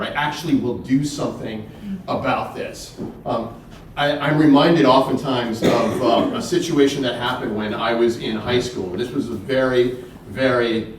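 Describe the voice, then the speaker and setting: A man's voice: mid-range voice, recorded from a distance, a little hiss or hum. Earnest man telling stories in an echoey hall. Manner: earnest, storytelling, emphatic repetition. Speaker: keynote speaker. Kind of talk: faith-based keynote talk with storytelling. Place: church hall.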